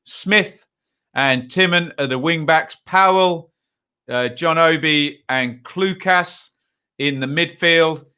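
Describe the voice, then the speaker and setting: A man's voice: fairly high pitch, slow pace, sharp tone, clean tone. A young English man hosting a live football stream, chatting casually, reading out lineups and viewer comments with plenty of ums. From England. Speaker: football channel host.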